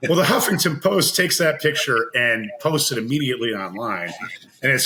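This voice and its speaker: A man spins an animated anecdote in casual podcast chat, his bright voice swinging up and down in pitch. He laughs and acts out the people in his story. A faint hiss sits under the recording. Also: normal speed, low-quality recording. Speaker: podcast guest.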